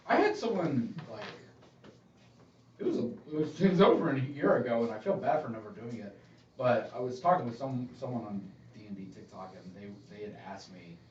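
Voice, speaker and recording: A man who plays in a tabletop game, chatting in an animated, jokey way. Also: medium pitch, brisk, slight background noise. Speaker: player. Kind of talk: casual chat between game sessions. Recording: dull, echoey room audio from a distance.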